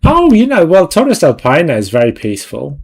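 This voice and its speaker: A man's voice: fairly high pitch, wildly swooping pitch, normal speed, slightly rough. A young man hosting a livestream, chatting casually with viewers in a rambling way and laughing often. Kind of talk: casual chat.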